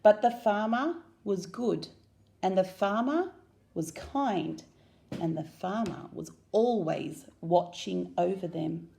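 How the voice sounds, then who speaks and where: A woman with an Australian accent reading a picture book aloud to children, animated and asking them questions. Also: mid-range voice, slow pace, creaky. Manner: animated, asks listeners questions. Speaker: children's story reader.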